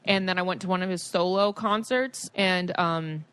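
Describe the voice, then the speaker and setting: A woman in her twenties co-hosting a podcast, telling stories in an animated way, laughing often and leaning on "like" fillers. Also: fairly low pitch, moderate pace, smooth, no room sound. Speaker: podcast co-host. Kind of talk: casual chat.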